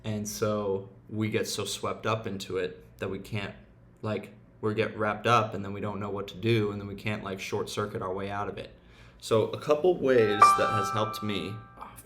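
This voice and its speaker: A young man rants casually about self-improvement, swearing freely and poking fun at himself. His voice sits fairly low and drops into muttered asides. A faint noise hangs under the recording. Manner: profane, blunt and self-mocking, slips into mumbling asides. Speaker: self-help vlogger. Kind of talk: casual motivational rant.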